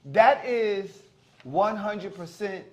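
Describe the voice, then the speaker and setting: A high-pitched man co-hosts a morning radio-style show. He talks in loose, animated banter and jumps into loud acted-out quotes. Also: very slow. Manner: animated, acts out quotes loudly. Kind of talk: casual banter.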